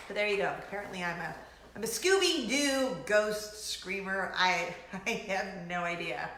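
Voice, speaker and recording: A middle-aged woman hosting her weekly chat show, telling stories in an animated, giggly way, recorded in an echoey room. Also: medium pitch, measured pace, a little hiss or hum. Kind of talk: casual chat to camera.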